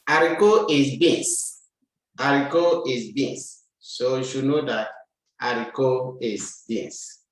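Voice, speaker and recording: A man leads a French lesson at a very slow, deliberate pace, saying each word again and again for learners to repeat. His voice sits in a middle register. The recording is heavily echoey, as if made in a bare, reverberant room. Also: mid-range voice. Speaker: French teacher. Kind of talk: language lesson, drilling pronunciation.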